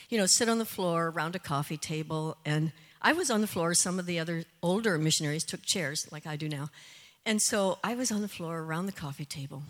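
An older woman giving a missionary testimony and prayer in an earnest, conversational way, with frequent "you know" asides. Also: lowish voice. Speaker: missionary speaker. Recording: long hall reverb.

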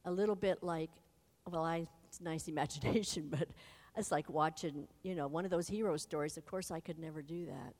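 A woman retelling a Bible story to an adult audience, animated and speaking straight to her listeners. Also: sits low, fairly quick. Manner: animated, addresses listeners directly. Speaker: Bible teacher. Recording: long hall reverb.

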